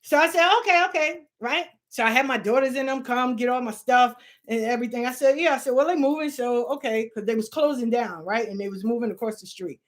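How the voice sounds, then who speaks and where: A middle-aged woman telling a long personal story in casual, profane, animated talk, slipping into the voices of the people she quotes. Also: a little high, a little fast. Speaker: spiritual channel host.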